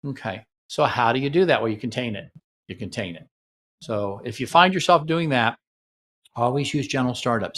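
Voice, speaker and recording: A man's voice: medium pitch, lively intonation, normal speed, fairly bright tone. A man hosting a relationship radio show, explaining communication habits in a casual coaching way and often checking in with "right?". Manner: coaching, acts out partner dialogue, asks "right?". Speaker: radio host and relationship counselor. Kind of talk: casual teaching talk on radio.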